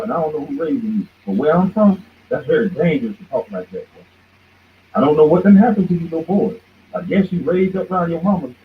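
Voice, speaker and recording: Over a tinny, phone-like line with faint noise, a male show host whose voice sits on the high side rants in a heated commentary monologue. He's confrontational and repeatedly says "boy."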